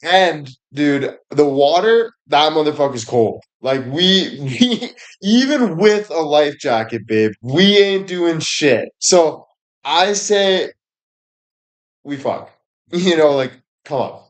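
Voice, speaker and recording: A man's voice: fairly high pitch, expressive, slow. A man giving a crude, rambling comedic monologue on a livestream, swearing constantly and laughing at his own jokes. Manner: profane, rambling, laughs often, fillers like "you know".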